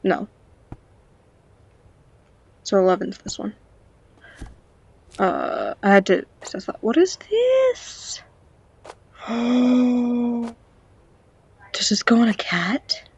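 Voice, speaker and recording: A woman playing a game at home narrates it in a casual, playful way, chatting to the characters and now and then whispering; her nose sounds stuffy. Her mid-range voice is slow, creaky and a little breathy, with long pauses. She's a game vlogger on a cheap home mic, and the high frequencies are cut off.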